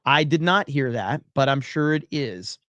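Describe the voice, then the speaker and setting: A man's voice: medium pitch, lively intonation, unhurried, fairly bright tone, dry recording. A man hosting a livestream, ranting bluntly and profanely between reading chat messages.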